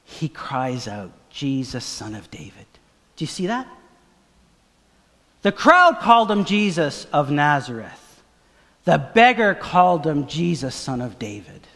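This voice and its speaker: Pastor guy preaching, fairly high voice, goes from quiet to yelling, church echo. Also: very animated, unhurried, long pauses. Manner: dramatic, swings from hushed to shouting. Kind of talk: sermon.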